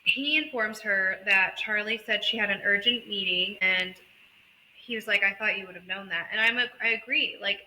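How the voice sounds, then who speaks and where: A woman's voice: mid-range voice, normal speed, sharp tone, slight background noise, rough recording. A woman co-hosting a casual book podcast, animatedly retelling a story and acting out the characters. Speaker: podcast co-host.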